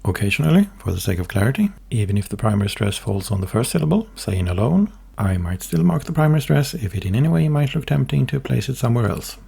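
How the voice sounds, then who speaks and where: A man giving a careful, measured, scripted explanation in a lecturing manner. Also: mid-range voice, very animated, gravelly, dark tone, breathy edge. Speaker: language hobbyist presenter.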